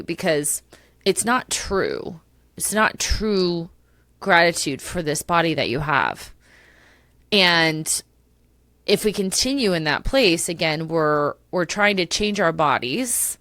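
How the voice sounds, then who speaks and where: A woman's voice: on the low side, fairly bright tone, no room sound, studio quality. A middle-aged woman hosting a solo podcast, talking passionately and emotionally with many restarts. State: tearful at times. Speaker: podcast host.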